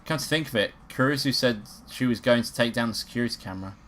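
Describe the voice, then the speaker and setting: A woman's voice: a bass voice, fast. A woman streaming a game, reading the story aloud and adding wry, swearing asides. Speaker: let's play streamer. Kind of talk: reading a visual novel aloud with commentary.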